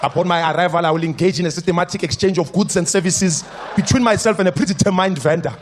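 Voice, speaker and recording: A pompous, self-important politician, put on by a man with a South African accent, drones through slow, ponderous bureaucratic phrases. The voice sits a touch high and loud, with a faint room ambience behind. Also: a little hiss or hum, natural voice. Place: comedy stage before a live audience.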